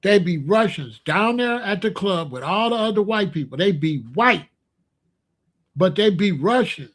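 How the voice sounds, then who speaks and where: Middle-aged guy with a high voice, aave, going on bluntly to his stream chat. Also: expressive, unhurried. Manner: blunt, repetitive, asks the chat questions. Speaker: livestream host. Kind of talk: casual livestream monologue.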